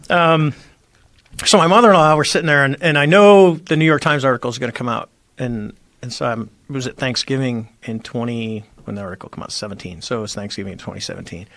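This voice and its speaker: Middle-aged male guest, gravelly timbre, lively anecdotal delivery with acted-out quotes, dry close mic. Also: medium pitch, fast, dry recording. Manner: animated storyteller, acts out quoted dialogue. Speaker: guest, former Navy squadron commander. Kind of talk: casual storytelling conversation.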